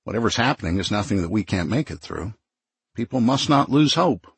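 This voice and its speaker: A man's voice: fairly low pitch, lively intonation, brisk, slightly rough, no room sound, exaggerated voice. A man voicing a friendly small-town minister in an audiobook, earnest and reassuring.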